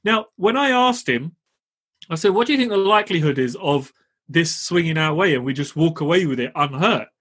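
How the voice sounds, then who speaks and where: A man's voice: fairly high pitch, expressive, a little fast, fairly bright tone, slightly rough. A man co-hosting a podcast, telling stories in a chatty, laughing way. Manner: chatty, storytelling, laughs while talking. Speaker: podcast co-host. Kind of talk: casual podcast chat.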